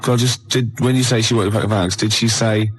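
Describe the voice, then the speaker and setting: An English man co-hosting a radio show, cutting in with dry, deadpan, mock-serious asides to tease the storyteller. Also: fairly low pitch, a little fast, slight background noise, rough recording. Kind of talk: teasing banter on a radio chat show. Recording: radio broadcast studio.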